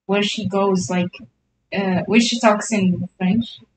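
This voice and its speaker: A woman's voice: mid-range voice, steady tone, takes it slowly, slight background noise, low-quality recording. A woman chatting casually and playfully while drawing with friends. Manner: playful and teasing. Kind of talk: casual chat.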